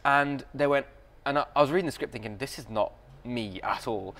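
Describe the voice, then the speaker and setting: A young man talks about acting in a relaxed, reflective way. His voice sits at a middle pitch, and he laughs easily as he chats. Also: a little fast. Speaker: actor guest. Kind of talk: casual interview chat.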